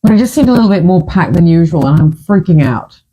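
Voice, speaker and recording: A woman's voice: on the low side, quick pace, husky, poor audio. A middle-aged woman, a singer telling stories from her past in a casual monologue, laughing often and acting out what people said. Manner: animated, laughs often, acts out quoted voices. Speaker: singer and storyteller.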